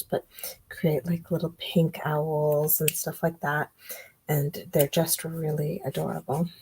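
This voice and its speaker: Woman, craft tutorial, slow and unhurried, husky, lowish voice, chatty. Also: warm tone, poor audio. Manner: chatty, thinking aloud while working. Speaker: craft demonstrator. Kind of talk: relaxed card-making tutorial.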